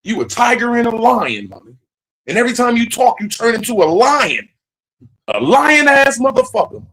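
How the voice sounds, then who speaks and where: A man's voice: very high-pitched, very animated, a little fast, a bit bright, low-quality recording. A man hosting a livestream, talking in a profane, rambling, emphatic casual rant. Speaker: livestream host.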